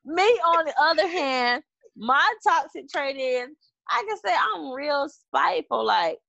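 A woman's voice: sits high, animated, measured pace, creaky, pushed and bright, lo-fi sound, slight background noise. A woman in casual chat, teasing and acting out little dialogues in a playful way.

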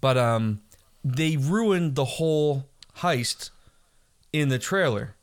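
A man's voice: medium pitch, slow pace, smooth. A man in his thirties from the Boston area, with a slight Boston accent, co-hosting a casual chat and rambling with lots of ums. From Boston area, USA. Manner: rambling, many ums, lively retelling. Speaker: podcast co-host.

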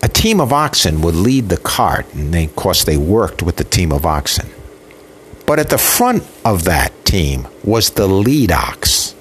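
A man's voice: low voice, very animated, a little slow, a little hiss or hum. A man preaching a sermon with an impassioned, emotional delivery built on rhythmic repetition. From Italian heritage.

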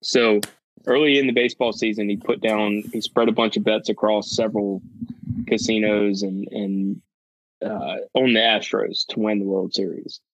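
A man's voice: fairly low pitch, flat delivery, moderate pace, dry recording, rough recording. A man co-hosting a podcast, telling a story in rambling casual chat full of restarts. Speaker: podcast co-host.

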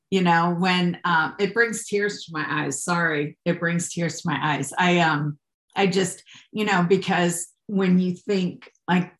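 A woman's voice: on the low side, fairly bright tone. A woman guest on a faith podcast, talking earnestly about serving God, rambling through restarts and growing emotional. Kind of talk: casual faith conversation. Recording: echoey room.

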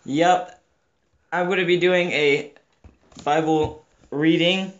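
A man's voice: a little high, steady tone, slow pace. A man with a Virginian accent in a casual group chat, laid-back and wry. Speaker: youth group member. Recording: dull lo-fi audio, faint noise.

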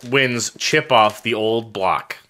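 A man's voice: lowish voice, slow, pushed and bright, slight background noise. A man co-hosting a casual chat, joking and riffing on silly ideas, who also runs the ratings. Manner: jokey, riffs on silly ideas. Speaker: podcast co-host.

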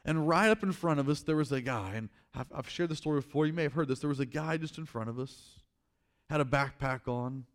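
A man preaching a sermon through a story, acting out scenes loudly and dropping quiet for his main points. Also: on the high side. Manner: animated, acts out scenes, drops quiet for emphasis. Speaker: pastor.

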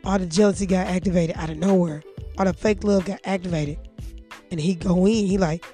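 A woman's voice: lowish voice, steady tone, brisk, dark tone, soft background music. A woman from St. Louis hosting a podcast, talking bluntly and profanely, pacing around while she speaks into a mic on her phone. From St. Louis, USA. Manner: blunt, profane, fired-up storytelling. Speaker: podcast host. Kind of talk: candid podcast monologue. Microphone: mic plugged into phone, walking around.

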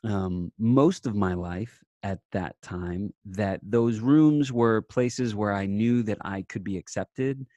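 A young adult man, an actor guest, chatting casually in a remote interview and telling animated stories in which he quotes himself. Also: on the low side, takes it slowly, hardly any pauses, no room sound. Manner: animated storyteller, quotes himself in lively bursts. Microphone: remote call mic.

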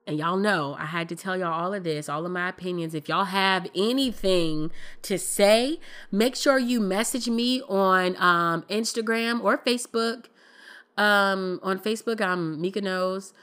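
A woman with a bright, clear voice talks straight into her own podcast. She is candid and emphatic and uses colloquial phrasing. Her delivery is relaxed but insistent. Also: mid-range voice, measured pace. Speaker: podcast host. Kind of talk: casual opinion commentary.

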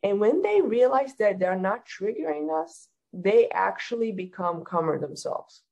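A woman talking as a hypnotherapist guest in a casual interview, calmly explaining and giving practical advice. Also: mid-range voice, measured pace, vocal fry, dull audio.

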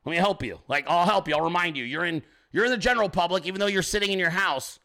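A man's voice: high voice, quick pace. Profane, combative man ranting at chat. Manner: profane, combative, yelling at commenters. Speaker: show host. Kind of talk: livestream rant at chat.

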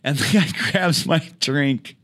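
Comedian man, animated storyteller, casual and profane. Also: a little high, takes it slowly. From Orange County, California. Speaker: comedian guest.

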